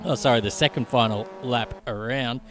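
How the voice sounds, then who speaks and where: A man giving chatty, quick live commentary on a sim racing qualifying session. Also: medium pitch, a bit bright, a little hiss or hum. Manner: chatty, quick, laughs along.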